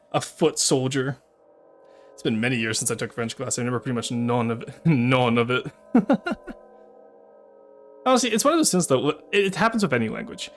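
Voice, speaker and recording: A male streamer giving live gameplay commentary, chatting to his viewers and swearing and exclaiming when he comes under attack. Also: medium pitch. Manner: chatty asides to chat between bursts of play.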